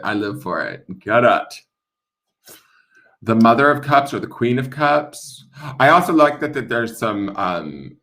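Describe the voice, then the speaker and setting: A man's voice: fairly low pitch, fairly bright tone. A man hosting a casual tarot deck unboxing stream, playful and joking as he goes. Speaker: tarot reader and channel host.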